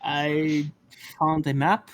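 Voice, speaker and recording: Earnest female adventurer voiced by a man, tabletop game, halting formal delivery, very slow, slightly high. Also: level tone.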